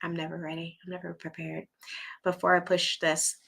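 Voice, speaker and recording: A woman's voice: on the low side, completely flat delivery, moderate pace, vocal fry, bright, forceful tone. A woman hosting a casual live chat, chatty and encouraging, reading viewer comments and losing her voice. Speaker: livestream host.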